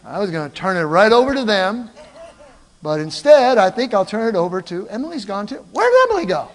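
An older man preaching a sermon, telling stories in an animated way and calling out to the congregation. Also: high-pitched, fairly quick, big-room sound. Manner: animated storytelling, calls out to the congregation. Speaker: pastor. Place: church.

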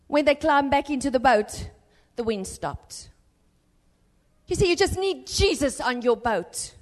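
A woman preaching to a church congregation, her high voice pressing hard and then falling quiet. The long reverb of a church hall trails after each line. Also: lively intonation, unhurried. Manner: impassioned, rising to urgent exhortation and dropping to hushed tones. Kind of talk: sermon.

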